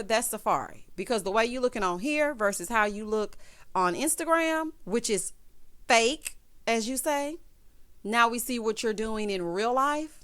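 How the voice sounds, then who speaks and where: A woman giving a sassy, animated recap of a reality TV episode, full of slang and asides to her viewers. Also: on the high side, normal speed, clean tone. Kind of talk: casual recap commentary.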